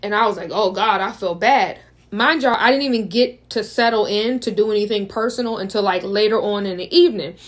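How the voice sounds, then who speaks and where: A woman's voice: medium pitch, fast talker, few pauses. A young adult woman from the United States, telling a dramatic storytime in a chatty way and talking straight to her viewers. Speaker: vlogger. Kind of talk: casual storytime.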